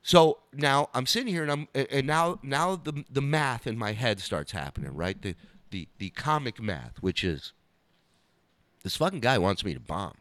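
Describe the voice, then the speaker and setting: A man's voice: mid-range voice, normal speed, no room sound. A male comedian telling a story on a podcast, swearing and acting out scenes. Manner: animated, swearing, acts out scenes. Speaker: comedian guest.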